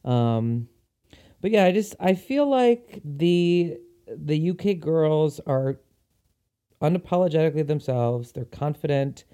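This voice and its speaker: A man's voice: on the high side, lively intonation, slow pace, warm tone, clear, resonant tone. A man hosting a podcast, talking in a chatty, enthusiastic way with frequent ums. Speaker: podcast host. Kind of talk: casual solo podcast chat.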